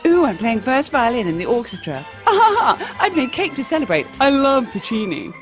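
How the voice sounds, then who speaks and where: A woman's voice: sits high, very animated, fairly quick, soft background music, pitched above the performer's own voice. A woman playing an over-enthusiastic violinist who gushes and giggles. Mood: giddy. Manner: gushing, giggly.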